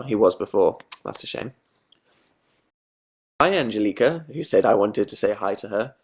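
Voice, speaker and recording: A young man chatting casually on a livestream, reading out viewer comments with self-mocking asides. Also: medium pitch. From Britain. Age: young adult. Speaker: livestream host.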